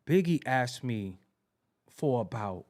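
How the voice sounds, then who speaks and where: A man hosting a podcast, telling music history stories in a casual, animated way and repeating himself for emphasis. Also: medium pitch, slow. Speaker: podcast host.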